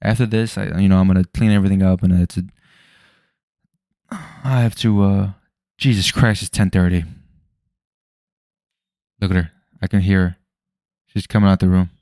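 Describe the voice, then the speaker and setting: A young man with a low, deep voice talks loosely into the mic. He rambles, swears freely and jumps between thoughts. The sound is dry and close. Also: little pitch movement, moderate pace, long pauses, dark tone, no room sound. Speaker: podcast host. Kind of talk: casual solo podcast chat. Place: home room at night.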